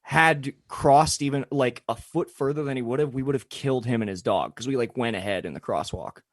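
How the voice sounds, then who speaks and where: A man's voice: mid-range voice, fairly quick, no room sound, clean studio sound. A young man telling a long story in casual podcast chat, full of fillers and swearing. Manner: rambling, filler-heavy, swears freely. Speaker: podcast co-host.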